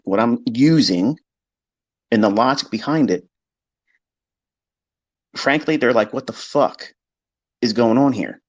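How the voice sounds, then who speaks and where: A man's voice: medium pitch, dry recording. A man giving a blunt, profane, combative monologue about trading, mimicking his critics along the way. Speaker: trading educator. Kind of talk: unscripted monologue lecture.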